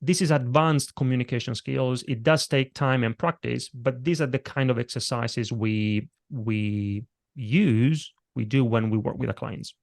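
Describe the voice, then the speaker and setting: A man's voice: mid-range voice, a little slow, gravelly. A middle-aged man, a presentation coach, explaining delivery techniques in a conversational podcast interview. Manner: explanatory, demonstrates vocal techniques as he talks.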